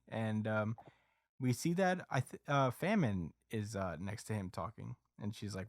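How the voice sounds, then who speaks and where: A man hosting a podcast, casually recapping a story with lots of fillers and quick acted quotes. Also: fairly low pitch, animated, dry recording, clean studio sound. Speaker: podcast host recapping a manga chapter. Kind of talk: casual chat.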